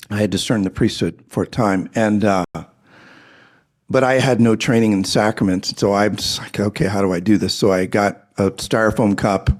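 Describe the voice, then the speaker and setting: A middle-aged man telling a personal testimony in an earnest storytelling way, dropping to hushed tones at emotional moments. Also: on the low side. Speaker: speaker giving a personal testimony.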